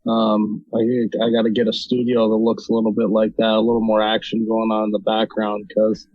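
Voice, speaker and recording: A man's voice: on the low side, a little fast, no echo, dull audio. A man from North Dakota, a guest on a podcast, talking casually about his video channel with many ums. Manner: relaxed, with many ums and restarts. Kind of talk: casual interview talk.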